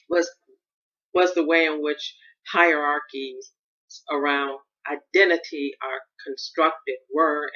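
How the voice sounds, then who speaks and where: Speaking in a low-pitched voice with a fairly bright tone, a middle-aged woman from Chicago, USA, hosts a podcast monologue of personal reflection. She sounds thoughtful and searching, restarting phrases and stressing certain words. The recording has its highs cut off.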